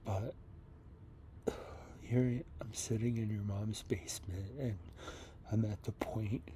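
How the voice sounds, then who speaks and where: A man in his fifties leaving a slow, rambling, upset voice message from a basement, often dropping to a whisper. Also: lowish voice, fairly even intonation, mellow, a little hiss or hum. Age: 50s. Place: basement of a house.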